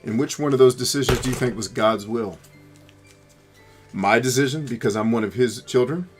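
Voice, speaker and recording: A man rants as he plays a video game, cursing often and drifting into philosophical tangents. His voice sits at an ordinary middle pitch, and faint game music plays underneath. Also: moderate pace. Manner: profane, ranting, philosophical. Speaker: gameplay commentator. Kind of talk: rambling commentary over gameplay.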